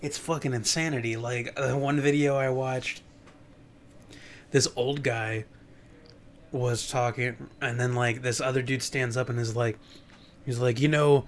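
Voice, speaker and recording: A young man co-hosting a podcast, chatting casually and rambling through stories, sometimes jumping into high mocking voices. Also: flat delivery, unhurried, pauses often, a little hiss or hum. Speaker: podcast co-host. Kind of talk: casual chat.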